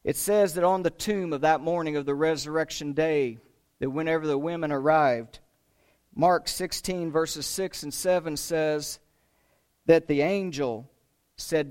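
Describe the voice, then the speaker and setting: A man preaching a sermon, retelling a story with emphatic rises and hushed drops. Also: fairly high pitch, moderate pace, smooth. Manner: emphatic, dramatic retelling with rising and falling intensity.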